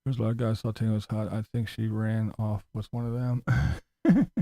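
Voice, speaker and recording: A man's voice: lowish voice, little pitch movement, moderate pace, warm tone, no echo. A man hosting a live stream, talking casually in a profane, mocking, rambling way.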